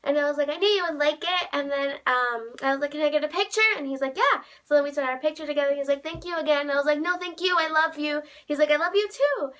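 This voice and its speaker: A young woman chatting straight to her vlog camera in a high, bright voice. She tells the story in gushing bursts full of "like", and her voice jumps even higher whenever she acts out what she said. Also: quick pace, hardly any pauses. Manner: gushing, heavy use of "like", bursts of squealing quotes. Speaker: vlogger.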